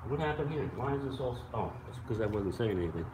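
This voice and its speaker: A man's voice: medium pitch, fast talker, reverberant, noisy background. A man hosting a live online show, chatting casually with viewers and rambling through stories with swearing and laughs. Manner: rambling, animated storyteller who swears and laughs. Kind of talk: casual live-stream chat, reacting to viewer comments.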